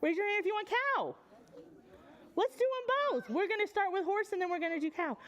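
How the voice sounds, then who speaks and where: American woman, children's librarian, high voice, very lively sing-song, story time in a library. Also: fairly quick. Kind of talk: preschool story time with songs.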